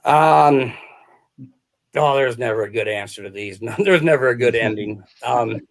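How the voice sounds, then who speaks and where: A man's voice: medium pitch, normal speed, gravelly. A man who is a sales author, a guest in a casual interview, telling stories in a rambling way, often laughing and restarting his sentences. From small-town American Midwest.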